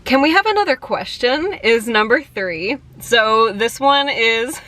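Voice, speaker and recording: A woman's voice: a little high, lively intonation, measured pace, bright, forceful tone. A young woman chatting casually in a fan vlog, giggly and full of "like" and "um". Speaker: vlogger.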